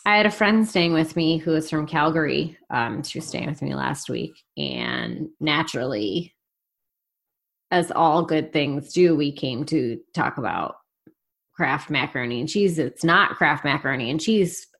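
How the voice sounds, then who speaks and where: A woman's voice: sits low, expressive, a little slow, vocal fry, fairly bright tone. An American woman co-hosting a podcast, chatting casually and playfully and laughing often. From United States. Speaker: podcast co-host. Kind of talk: casual chat.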